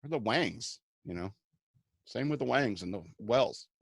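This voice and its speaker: A man's voice: mid-range voice, animated, unhurried, vocal fry, dry recording. A man hosting a radio show tells a rambling, self-mocking comic story, slipping into the voices of the people in it. His voice sits in a middle register and is recorded close and dry, with no room sound. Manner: rambling, self-mocking anecdotes with acted-out quotes.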